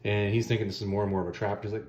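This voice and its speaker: A middle-aged man casually retelling a comic story as a reviewer, animated and dropping into quick character voices. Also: fairly low pitch, roomy sound. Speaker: YouTube book and comic reviewer.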